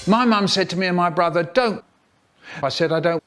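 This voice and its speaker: A man's voice: high-pitched, fast, loud music behind the voice. A man, telling comic stories in a theatrical way and jumping between voices. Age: 70s. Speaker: children's storyteller. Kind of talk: spliced comic storytelling.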